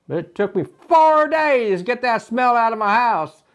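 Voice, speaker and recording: Man, high voice, folksy rambling tall-tale teller, comic monologue. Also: animated, normal speed, hardly any pauses, clean tone. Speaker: comedic storyteller.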